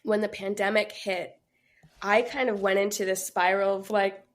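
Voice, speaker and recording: A woman's voice: mid-range voice, level tone, moderate pace. Chatty sick woman with stuffy voice. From Georgia, USA. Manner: chatty, laughs often, many fillers. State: sick, congested voice. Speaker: guest musician. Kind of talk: casual interview chat.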